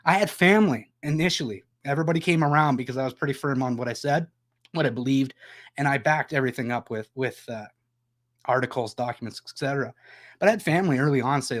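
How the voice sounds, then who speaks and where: A man's voice: mid-range voice, quick pace. A man hosting a political discussion, talking with passion and raw emotion, hammering his points home. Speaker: podcast host.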